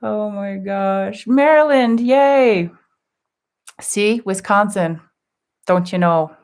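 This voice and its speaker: A woman hosting a live spiritual group session, chatting gently and affectionately as she reads out viewers' comments with soft laughs. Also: medium pitch, animated, slow pace. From California. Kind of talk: casual live-stream chat.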